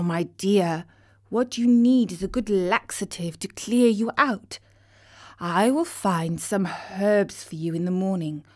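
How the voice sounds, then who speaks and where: Practical hen wife, gently bossy, slow and soothing, read by a woman. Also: mid-range voice, natural voice. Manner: scolding, then soft and soothing.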